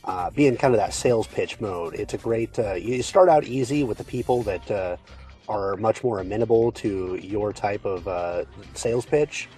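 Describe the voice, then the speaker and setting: A man's voice: lowish voice, moderate pace, warm tone, soft background music. A man appearing as a guest on a casual podcast, speaking in a laid-back way with frequent filler words. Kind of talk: casual chat.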